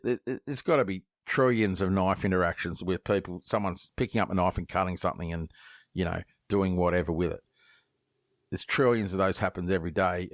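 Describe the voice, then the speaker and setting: Podcast guest: Australian man, deep voice, dry close sound, rambling swearing storyteller. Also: no room sound. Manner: lively storyteller, swears freely, acts out quoted voices; many false starts and repeated words. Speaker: guest knifemaker. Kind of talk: casual podcast interview.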